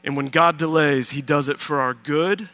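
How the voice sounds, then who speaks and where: A pastor preaching a sermon through a lively personal story, acting out his own reactions. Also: on the high side, moderate pace, no room sound.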